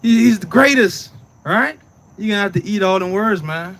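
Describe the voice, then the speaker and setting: A man's voice: sits high, animated, moderate pace, a bit bright. A man teaching scripture in a casual preaching way, often asking "right?" and "you understand?" and telling the reader to read on. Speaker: Bible teacher.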